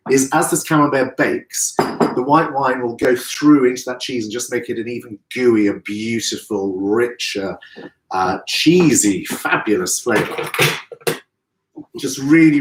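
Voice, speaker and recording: A man's voice: medium pitch, fairly bright tone, a little hiss or hum. Guy chatting thru a live cooking demo, echoey kitchen, playful asides. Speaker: florist hosting a live cooking show.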